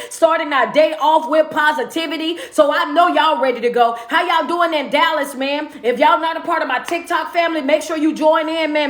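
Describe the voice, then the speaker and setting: Woman livestream host, high-pitched and hyped, echoey room. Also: a bit bright. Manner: hyped, calls out to viewers by place. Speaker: motivational speaker and livestream host. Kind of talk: casual livestream shout-outs.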